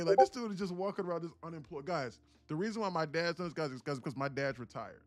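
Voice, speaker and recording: A man's voice: fairly high pitch, fast talker, few pauses, no room sound, soft background music. A man hosting a casual live trading stream, telling a rambling story in a slangy way. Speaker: day trader and livestream host. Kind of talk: casual livestream chat.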